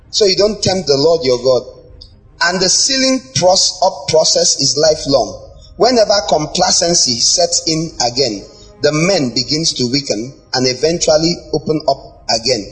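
A middle-aged man preaching a lively sermon, animated and playful, teasing the congregation and slipping into mimicry. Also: fairly high pitch, low-quality recording.

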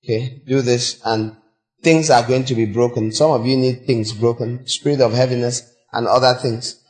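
A man's voice: fairly even intonation, moderate pace, darkish tone. Exhorting male preacher. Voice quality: voice cracks on high notes. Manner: exhorting, breaks into high sung demonstrations. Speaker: pastor. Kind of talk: sermon.

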